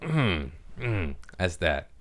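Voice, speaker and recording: Young man, deep voice, podcast host, rambling, cursing, chuckling at his own jokes. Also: big pitch swings, extremely slow, fairly bright tone. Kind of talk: casual solo podcast chat.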